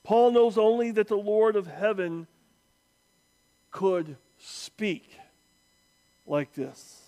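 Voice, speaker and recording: Man, preacher, high voice, unhurried, emphatic, dramatic pauses. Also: lively intonation, dark tone. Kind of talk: sermon.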